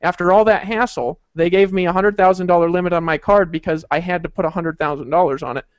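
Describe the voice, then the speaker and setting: A man tells a long story in an easy, rambling way, filling it with fillers and asides. His voice sits high and he talks quickly. The sound is dry and close. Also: fairly even intonation, smooth, no echo, highs cut off. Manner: rambling, laughing, full of fillers. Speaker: host of a group call. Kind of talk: casual storytelling.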